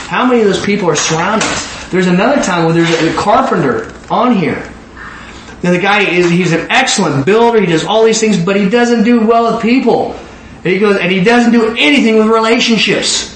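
Male preacher, storytelling sermon, lively, repeats words, faint room noise. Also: high-pitched, brisk, roomy sound, rough recording. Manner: animated, repeats words, acts out the people in his stories.

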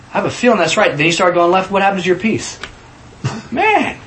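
A man leading a casual Bible study, teaching in an animated way and acting out scenes in voices. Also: sits high, fast, a little hiss or hum, poor audio.

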